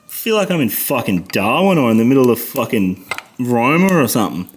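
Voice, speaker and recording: A man's voice: mid-range voice, very animated, brisk, slight background noise. Swearing Australian man fixing a motorbike. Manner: frustrated, swears constantly, mutters while working. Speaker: motorcycle mechanic vlogger. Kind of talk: casual workshop commentary.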